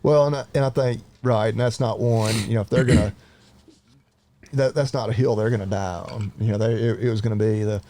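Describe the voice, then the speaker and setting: A man's voice: fairly low pitch, fairly even intonation, a little fast, mellow, no room sound. An American man co-hosting a podcast, chatting about politics in a laid-back, agreeable way. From United States. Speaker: podcast co-host. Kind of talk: casual political chat.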